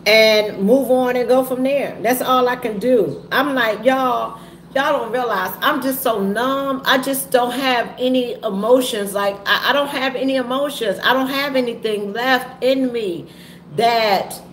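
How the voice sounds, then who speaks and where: A woman talking candidly to her viewers in a halting, heavy way, often repeating herself. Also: a little high. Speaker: vlogger and trucking business owner. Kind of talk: candid personal talk to viewers. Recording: echoey room with faint ambient noise.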